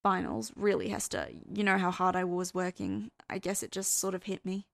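Woman narrator voicing a shy young man, low-key and mumbled, dry close sound. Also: expressive, normal speed, creaky, dry recording. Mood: subdued. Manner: mumbled and subdued.

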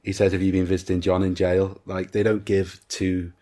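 A man's voice: low-pitched, little pitch movement, moderate pace, warm tone. A man co-hosting a podcast in casual film chat, retelling scenes at length and quoting the characters' lines. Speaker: podcast co-host.

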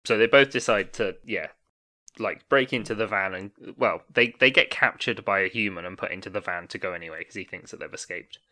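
A man's voice: on the low side, fairly quick, bright, forceful tone. A man co-hosting a podcast, reviewing a film in casual chat and laughing often. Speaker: podcast co-host.

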